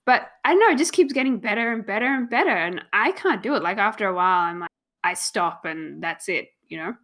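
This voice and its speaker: A woman's voice: medium pitch, expressive, fairly quick, a bit bright. An Australian woman chatting casually on a live stream, reading out chat messages and laughing often. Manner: chatty, reads chat aloud, giggly. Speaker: streamer co-host.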